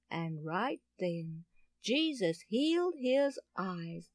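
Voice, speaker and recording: A woman telling a Bible story expressively, with dramatic swings of pitch and loudness. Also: big pitch swings, slow, no room sound, clean studio sound.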